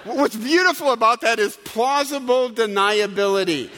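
A man's voice: very high-pitched, normal speed, pushed and bright, slight background noise. A man preaching a sermon with humor and asides to the congregation. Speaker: pastor. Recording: long hall reverb.

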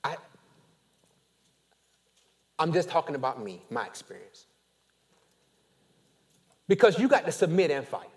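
A man preaching a sermon as pastor, animated, with call-and-response and casual storytelling asides. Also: fairly high pitch, unhurried, pauses often.

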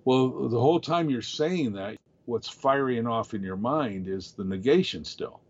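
Husky man explaining in coaching tone. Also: mid-range voice, a little slow, highs cut off. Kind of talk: casual podcast conversation.

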